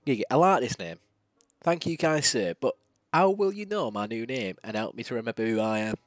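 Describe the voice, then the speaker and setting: A man's voice: sits high, expressive, normal speed, a bit bright, no room sound, clean studio sound, voice pushed up. A man doing a posh, bewildered young man. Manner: posh, earnest.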